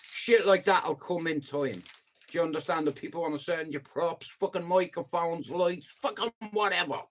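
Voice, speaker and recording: A man with a Dublin Irish accent ranting in a casual vlog, swearing freely and swinging between loud bursts and low mutters. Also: normal speed. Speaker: YouTuber.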